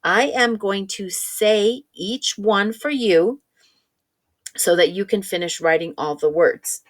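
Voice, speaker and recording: Slow, patient woman teaching phonics. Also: mid-range voice. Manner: slow, stretched-out sounding of words and vowels; patient, encouraging, talking straight to a young child. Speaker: reading teacher. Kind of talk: children's phonics lesson.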